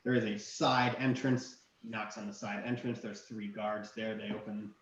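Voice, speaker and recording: A man narrating as game master in a relaxed way with many fillers, recorded in an echoey room with dull, lo-fi sound. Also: lowish voice, moderate pace, a little hiss or hum.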